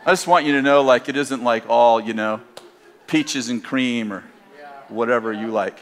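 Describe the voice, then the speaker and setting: An older man from Northern California, preaching by telling a personal story in a conversational, animated way and laughing at his own tale. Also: mid-range voice, moderate pace, a little hiss or hum. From Northern California, USA.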